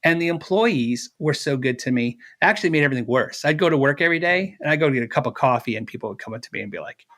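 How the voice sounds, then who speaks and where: Animated middle-aged man telling a story. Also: mid-range voice, very fast, hardly any pauses. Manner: animated storyteller, acts out dialogue, frequent laughs and fillers. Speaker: interview guest. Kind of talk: casual storytelling interview.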